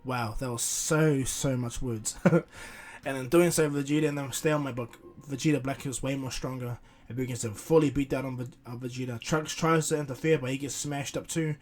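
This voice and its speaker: A man's voice: mid-range voice, steady tone, fairly quick, a little mellow. A man narrating a fan-made cartoon story casually, rambling with many restarts. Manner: rambling, filler-heavy with restarts and chuckles. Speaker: YouTuber storyteller.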